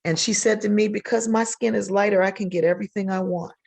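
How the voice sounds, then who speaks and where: Woman, older, podcast guest, storytelling, animated, mid-range pitch. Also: quick pace, creaky. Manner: animated, acts out quoted voices. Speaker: guest sociologist.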